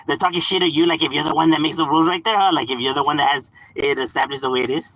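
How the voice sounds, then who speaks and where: Laid-back guy, husky voice. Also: fairly high pitch, very fast, sharp tone, no room sound, poor audio. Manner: laid-back slang, mixes in Spanish words, laughs often. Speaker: live streamer. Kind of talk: casual live-stream chat.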